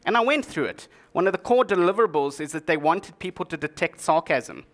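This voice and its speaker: A man with a high, expressive, somewhat bright voice speaks briskly from a conference stage. He's giving a tech talk to an audience, delivering it dryly and jokingly with plenty of sarcastic asides.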